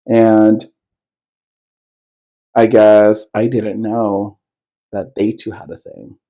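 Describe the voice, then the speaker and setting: Man, podcast co-host, slow unhurried delivery, rambling casual storytelling, lots of swearing and fillers. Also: on the low side, level tone, dark tone, rough recording. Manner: loose and rambling, heavy swearing, many fillers.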